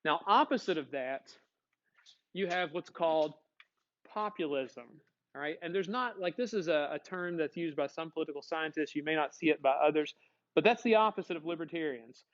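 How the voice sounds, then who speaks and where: A man's voice: a little high, moderate pace, fairly bright tone, highs cut off. A male teacher giving a conversational classroom lecture, asking the class questions and answering them himself.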